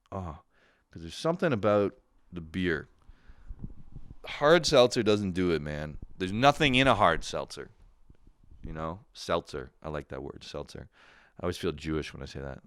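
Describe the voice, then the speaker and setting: Brief: young male podcast host, low voice, dry close mic, profane rants, laughs a lot. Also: animated, normal speed, pauses often, a bit bright, dry recording. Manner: profane, laughing, mocking impressions. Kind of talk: casual solo podcast rant.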